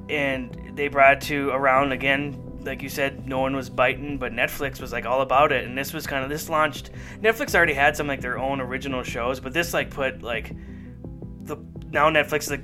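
A man hosts a casual talk show, rambling happily with plenty of ums and restarts. Music plays clearly behind his voice, which sits at an ordinary pitch. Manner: rambling, enthusiastic, lots of fillers. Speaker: podcast host. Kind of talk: casual chat.

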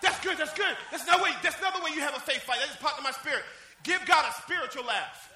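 A man preaching an exuberant sermon in church, shouting and laughing as he calls out to members of the congregation by name. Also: very high voice, quick pace, slight background noise. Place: church service. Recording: echoey church with faint music.

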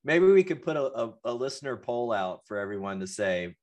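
A man's voice: medium pitch, very animated, brisk, a little mellow. Playful, teasing man co-hosting a podcast. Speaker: podcast co-host. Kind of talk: casual podcast chat.

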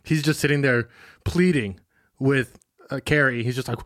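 A man co-hosting a casual podcast chat, animated and quick to act out quotes. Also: medium pitch, dry recording, clean studio sound. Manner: animated, swears, acts out quotes.

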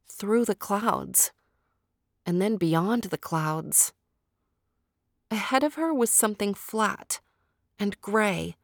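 A woman hosting and narrating a children's story in a slow, deliberate storytelling manner. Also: mid-range voice, fairly bright tone, no room sound, clean studio sound. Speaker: storyteller host.

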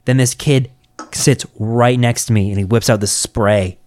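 A man in casual chat, telling stories in an animated, profane way. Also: medium pitch, measured pace.

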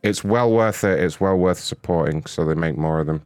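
A man's voice: deep voice, moderate pace, a little mellow, clear, resonant tone, no echo, clean studio sound. A man hosting a prank call show, talking in crude, mocking, rambling banter. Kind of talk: casual profane banter.

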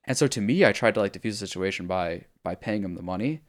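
Here a man speaks in a fairly low, expressive voice at a quick clip. Co-hosting a podcast, he chats casually about a video game, telling its story in a meandering, profane way packed with fillers.

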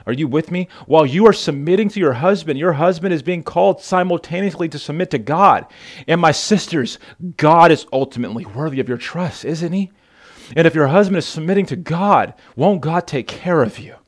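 A man's voice: on the high side, lively intonation, a little fast. A male pastor preaching a sermon, emphatic, repeating words and asking the congregation questions.

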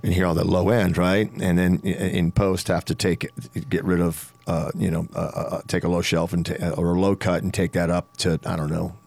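A man's voice: low voice, little pitch movement, a little fast, gravelly, hardly any pauses, a little mellow, dry recording. A man who sings rock talking casually about vocal technique, rambling with many restarts and little demonstrations. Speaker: rock singer and studio vocalist. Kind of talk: casual podcast chat.

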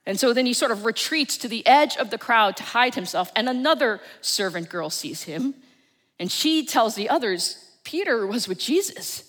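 A woman with a New Jersey accent preaching a Sunday sermon, telling the story with dramatic swings from loud to hushed. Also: a little high, expressive, moderate pace. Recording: long church reverb.

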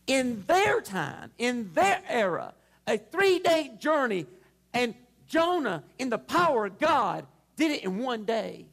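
Gravelly male pastor, slow deliberate delivery, big swings in pitch, impassioned church sermon. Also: sing-song. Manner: impassioned preaching that swells to shouts. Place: church service before a congregation.

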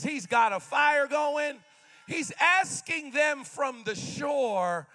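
Taking it slowly, a young man in his twenties delivers a fervent sermon in a very high, sing-song voice, with faint music behind him. He keeps returning to refrains and frequently shouts lines out.

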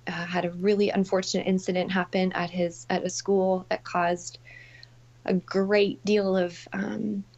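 A woman speaking in a heartfelt way on a podcast, with many fillers and soft asides. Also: lowish voice, little pitch movement, unhurried, lo-fi sound. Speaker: parenting expert guest. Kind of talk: conversational podcast talk.

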